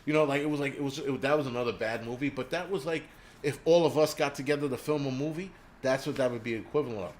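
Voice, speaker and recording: A man's voice: mid-range voice, quick pace. A man hosting a live stream, ranting casually and profanely with lots of fillers.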